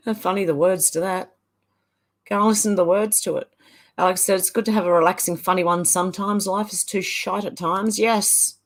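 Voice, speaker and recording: A woman's voice: medium pitch, moderate pace. A middle-aged woman hosting a casual livestream, chatting and laughing as she reads viewer comments aloud. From Ireland. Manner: chatty, laughs often, sing-song reading of chat comments. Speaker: livestream host.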